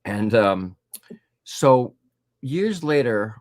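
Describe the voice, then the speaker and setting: A man's voice: mid-range voice, very slow, no echo, studio quality. A middle-aged man, an author being interviewed, telling stories casually with lots of ums and voiced quotes. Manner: animated anecdotes with voiced quotes and frequent fillers. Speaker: guest author.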